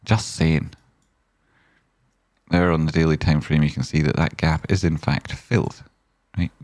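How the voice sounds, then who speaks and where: A man's voice: extremely low pitch, fairly even intonation, unhurried, darkish tone, no echo. A man hosting a trading stream, giving casual, rambling and jokey chart commentary with a repeated "right?".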